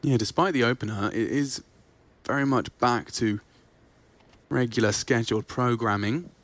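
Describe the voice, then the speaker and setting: A man's voice: medium pitch, moderate pace, fairly bright tone, no room sound. A man giving live color commentary on an esports match, breaking down the teams' tactics in a chatty, analytical way.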